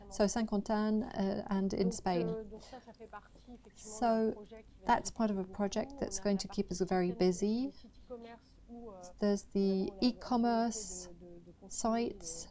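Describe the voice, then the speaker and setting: A woman's voice: medium pitch, fairly even intonation, slow pace, dark tone. A woman presenting annual financial results to investors, talking in a hesitant way with many fillers and restarts.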